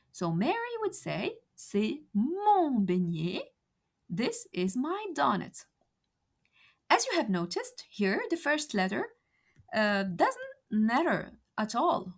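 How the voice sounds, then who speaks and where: Woman tutor, fairly high and animated, unhurried, spells out each example. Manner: slow, careful over-enunciated example phrases. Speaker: French teacher. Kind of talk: beginner language lesson.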